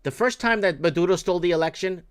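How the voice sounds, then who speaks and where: A man's voice: high voice, fast talker, smooth. A man hosting a call-in show, blunt and argumentative, lecturing and cursing freely. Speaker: host. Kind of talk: opinionated call-in talk show.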